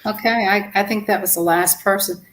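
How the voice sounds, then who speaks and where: A woman's voice: medium pitch, steady tone, moderate pace, a bit bright. An older woman co-hosting a casual livestream, chatting in friendly asides. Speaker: co-host.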